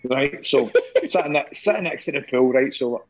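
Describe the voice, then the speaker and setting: Husky Scottish man telling stories. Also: medium pitch, lively intonation, moderate pace, rough recording. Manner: laughing, swearing anecdotes. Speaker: former footballer guest. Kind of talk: casual storytelling chat.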